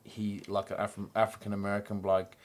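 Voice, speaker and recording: Lowish-voiced Australian man, swearing storyteller. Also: monotone, fast talker. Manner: rambling storyteller, swears freely. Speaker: podcast host. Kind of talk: casual podcast chat.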